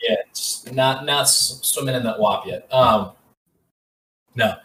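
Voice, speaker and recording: A man's voice: mid-range voice, takes it slowly, pushed and bright, reverberant, distant mic, a little hiss or hum, poor audio. A man co-hosting a podcast in casual chat, rambling and hesitant and full of fillers as he works through a thought. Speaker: podcast co-host.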